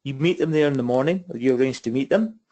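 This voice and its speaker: A man's voice: mid-range voice, quick pace, dark tone, dull audio. A man giving a property investment webinar as mentor, chatty and repetitive, asking his listeners rhetorical questions over a computer mic. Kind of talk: webinar presentation. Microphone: computer mic on a webinar call.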